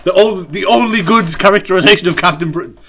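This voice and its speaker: A man co-hosting a casual chat over a video call, making dry quick quips and swearing freely. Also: sits high, sharp tone, faint music behind. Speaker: podcast co-host.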